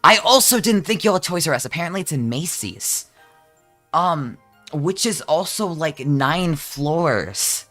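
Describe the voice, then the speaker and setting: A man's voice: on the high side, lively intonation, measured pace, fairly bright tone, faint music behind. A young man, chatting casually on a live stream in a rambling, profane, jokey way. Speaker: vtuber streamer.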